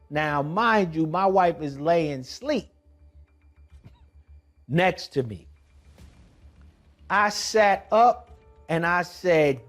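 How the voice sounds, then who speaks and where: A man who is a kidney transplant recipient, telling his personal testimony in an emphatic, conversational way with slang asides. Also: fairly high pitch.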